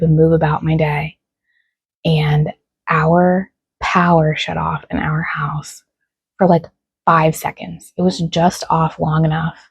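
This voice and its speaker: A young woman vlogging at home, her voice gravelly with a husky edge. She sounds frustrated and close to tears but keeps laughing it off. The sound is dry and close, with no room around it. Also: lowish voice, darkish tone, no echo, lo-fi sound. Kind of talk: casual vlog chat.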